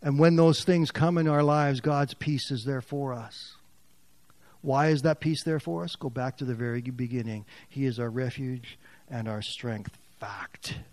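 A man preaching a sermon as pastor, swinging from loud, raised passages to quiet, near-whispered lines. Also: medium pitch, normal speed, no room sound.

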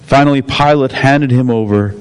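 Guy reading the bible out loud, steady, normal mid voice. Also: medium pitch, normal speed, clean tone, poor audio. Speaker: scripture reader.

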